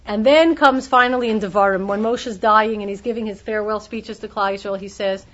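A woman's voice: medium pitch, fairly even intonation, brisk, a bit bright. A woman giving a Torah class in an explanatory way, often restarting her sentences, on a dull lo-fi recording. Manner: explanatory, many restarts, acts out quoted voices. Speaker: teacher.

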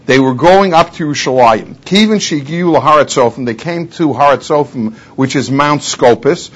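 Higher-voiced man giving a Talmud lecture. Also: normal speed, fairly bright tone, breathy edge. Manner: quotes Hebrew and Aramaic, then translates; rising intensity on rhetorical questions. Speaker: Torah teacher.

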